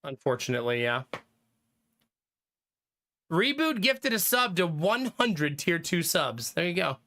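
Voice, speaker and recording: Bright-voiced man chatting on a live stream. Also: a little high, very animated, takes it slowly. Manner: rambling, thinking aloud, frequent fillers and laughs. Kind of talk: casual live-stream chat with viewers.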